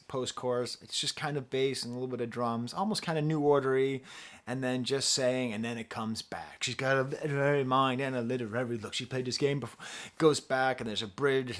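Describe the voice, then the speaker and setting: A man giving a casual, chatty music review, joking at his own expense and laughing often. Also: mid-range voice.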